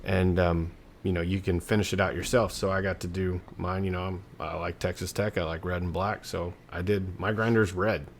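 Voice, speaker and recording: Deep-voiced man eagerly telling a story. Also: flat delivery, normal speed, gravelly, few pauses, a little hiss or hum. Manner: eager storyteller, stumbles and restarts. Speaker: podcast co-host. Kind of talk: casual podcast chat.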